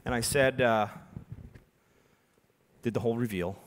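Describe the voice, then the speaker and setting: A man tells a story at a conference keynote, swinging between loud bursts and hushed asides. His voice sits at an ordinary middle pitch. A long reverb from the big hall trails after his words. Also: a little slow, background noise. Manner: animated storytelling with sudden loud and soft turns. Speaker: keynote speaker.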